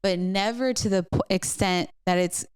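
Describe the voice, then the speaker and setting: A woman's voice: mid-range voice, normal speed, darkish tone, clean tone, no echo, clean studio sound. A middle-aged woman, a pastor co-hosting a podcast, telling a personal story in casual chat with many fillers and restarts. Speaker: co-host pastor.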